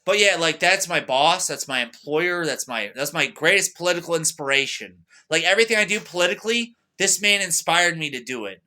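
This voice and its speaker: Boastful rambling young man, bright voice. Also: on the high side, fairly quick, hardly any pauses. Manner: boastful, rambling, excitable, repeats himself. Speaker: vlogger. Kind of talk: rambling monologue to camera.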